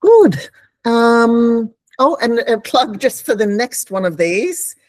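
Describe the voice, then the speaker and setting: A woman's voice: a little high, slow pace, dry recording. Friendly woman co-hosting a webinar. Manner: friendly, filler-heavy. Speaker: webinar co-presenter. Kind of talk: live webinar presentation.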